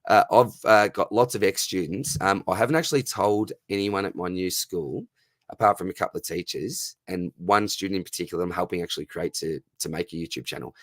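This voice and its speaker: A man in his thirties with an Australian accent, hosting a casual live Q&A, friendly and matey, his voice going hoarse. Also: low voice, fairly quick, fairly bright tone, no echo. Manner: matey and friendly, calls viewers mate and brother. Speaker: livestream host answering fantasy football questions.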